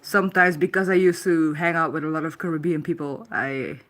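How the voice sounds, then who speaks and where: A woman's voice: low voice, fairly even intonation, a little fast, a bit bright. A woman with a Dutch accent, chatting casually on her live stream, reading comments aloud and laughing often. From Netherlands. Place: her home.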